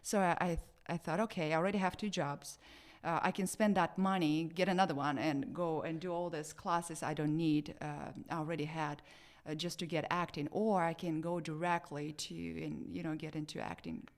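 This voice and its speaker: A woman's voice: low voice, fairly even intonation, moderate pace, few pauses. A woman with a Russian accent, an actress chatting in an interview with many fillers and restarts. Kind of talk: casual interview chat.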